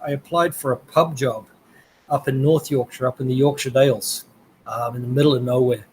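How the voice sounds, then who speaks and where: A man's voice: medium pitch, fairly even intonation, a little fast, darkish tone, a little hiss or hum, rough recording. A man from New Zealand, a guest telling rambling travel stories in a casual interview, laughing now and then.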